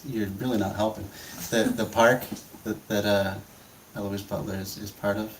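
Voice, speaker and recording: Low-voiced guy chatting on stream, laughs a lot, bit far from the mic. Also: little pitch movement, moderate pace, a little hiss or hum. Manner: chatty, laughs easily, trails off searching for words. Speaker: stream host. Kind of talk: casual chat while watching a video.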